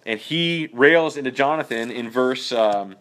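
A man's voice: mid-range voice, unhurried, fairly bright tone. Man casually teaching a Bible study. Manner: conversational, many fillers and "okay?" checks.

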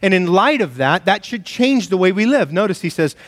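A male pastor preaching a sermon, telling stories animatedly and acting out shouted exchanges. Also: high-pitched, sing-song, brisk, long reverb tail.

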